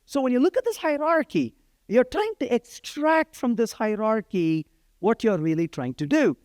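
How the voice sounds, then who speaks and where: Animated man teaching code. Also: very high-pitched, normal speed, dry recording, studio quality. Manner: conversational, many "right?" check-ins. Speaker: programming instructor. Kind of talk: live-coding lecture.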